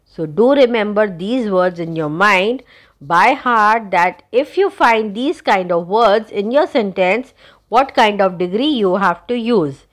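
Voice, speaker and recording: A woman's voice: mid-range voice, expressive, unhurried. A woman teacher explaining a grammar lesson, spelling out letters and addressing her students.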